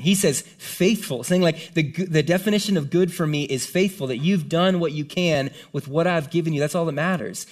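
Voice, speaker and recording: Earnest pastor with a casual preaching style. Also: male voice, a little high. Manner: casual, earnest, asks "right?" often. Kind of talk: conversational sermon. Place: room with a live congregation.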